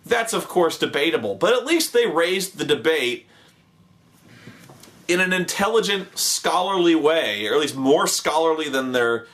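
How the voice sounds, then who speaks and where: A man's voice: mid-range voice, fairly bright tone. A man giving a comedic review of a television show, sarcastic and profane, retelling scenes with mock voices.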